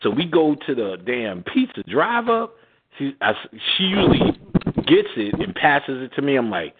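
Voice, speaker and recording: A man's voice: on the high side, a little slow. A man hosting a radio show, telling a laughing, slangy story in casual chat and acting out the voices in it. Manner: animated, laughing, slangy, acts out quotes. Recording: tinny phone-like line with clear noise.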